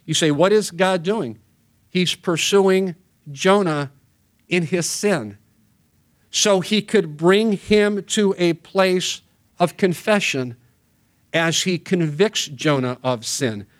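Pastor preaching, slightly high voice. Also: male voice. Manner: reads scripture aloud quickly, then preaches with earnest emphasis. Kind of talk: sermon with scripture reading.

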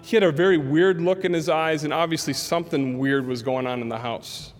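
A man's voice: on the high side, a little fast. A man preaching a sermon as a pastor, telling stories and acting out the voices in them. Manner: animated storyteller acting out quotes. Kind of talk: sermon storytelling. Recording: long hall reverb.

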